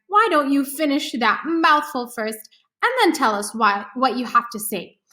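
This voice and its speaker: A woman voicing a calm, lightly teasing father in a storybook read-aloud. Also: high-pitched, measured pace, heavily acted. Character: calm joking father, steady and patient.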